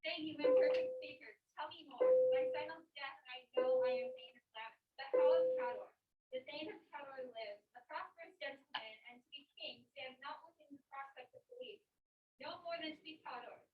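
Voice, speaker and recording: A woman loudly reading the part of an eager, demanding warrior aloud in class. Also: high voice, animated, fairly quick, soft background music. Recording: far, dull mic in echoey classroom.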